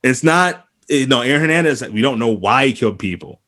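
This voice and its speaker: Speaking fairly quickly at a medium pitch, this podcast host from the Boston area rants through a casual conversation. He gets animated and heated, with plenty of restarts and profanity.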